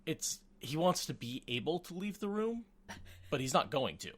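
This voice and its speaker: A man hosting a podcast in casual chat from a home setup, animated and cursing casually. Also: fairly high pitch, moderate pace. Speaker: podcast host. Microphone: home recording.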